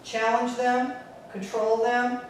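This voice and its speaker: Bronx-accented woman Pilates teacher, sarcastic and no-nonsense, heard from a way off in a booming, echoey studio. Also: little pitch movement, slow pace, slight background noise. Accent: New York (Bronx). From the Bronx, New York. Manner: blunt, sarcastic. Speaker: Pilates instructor. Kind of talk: teaching talk to instructors. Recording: very echoey room, distant mic.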